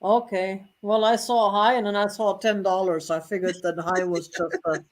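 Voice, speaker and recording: A woman's voice: mid-range voice, fairly even intonation, normal speed. A woman hosts a live vintage sale online, talking to viewers in a rambling, friendly chat. She laughs often and pokes fun at herself between comments on the items. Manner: chatty, laughs often, self-deprecating asides.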